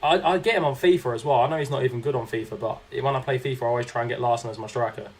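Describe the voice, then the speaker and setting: A young man commentates his own game on a live stream, chatting casually, reacting to the action, and reading chat aloud to answer viewers. His mid-range voice moves very fast, with slight background noise.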